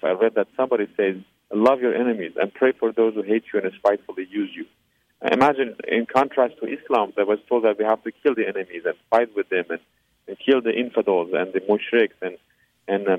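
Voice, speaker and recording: Man, interview guest, earnest testimony full of pauses and fillers, low voice, tinny phone line. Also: no room sound. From Iran. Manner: earnest, with frequent hesitations and fillers. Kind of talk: personal faith testimony.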